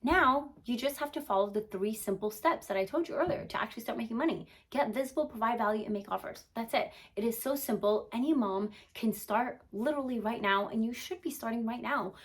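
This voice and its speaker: A young adult woman, a business and mindset coach, giving an energetic motivational talk to camera, peppered with "like" and asking "okay?" as she goes. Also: on the high side, a little fast, few pauses. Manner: energetic, emphatic, frequent "like" and "okay?" check-ins.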